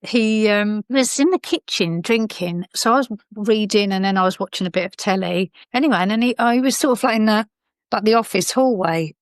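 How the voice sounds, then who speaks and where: A woman's voice: medium pitch, a little fast, dry recording. A woman, a podcast guest, telling an emotional personal story in a rambling way, full of fillers and restarts.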